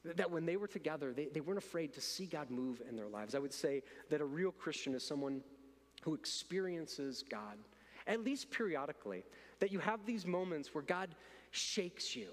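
A man with a somewhat high voice delivers a sermon from the pulpit. He talks earnestly and conversationally, often doubling words as he restarts a thought. A long church-hall reverb trails after his voice. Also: lively intonation, normal speed. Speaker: pastor. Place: church sanctuary.

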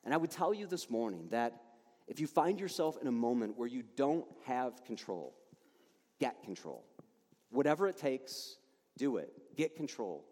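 A man preaching a sermon as a pastor, emphatic and animated, often restarting his words. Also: mid-range voice, normal speed. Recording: long reverb of a large hall.

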